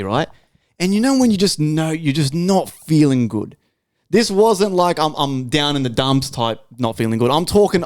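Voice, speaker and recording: A man's voice: mid-range voice, dry recording, studio quality. A young Australian man hosting a podcast, telling a long story in casual, swearing chat. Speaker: podcast host.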